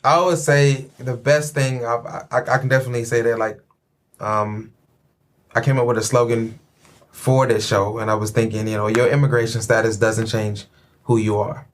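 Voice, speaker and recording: Podcast host, man, Chicago accent, mid-pitched, chatty and playful. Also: little pitch movement, moderate pace. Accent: Chicago American. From Chicago, USA. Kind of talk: casual podcast chat.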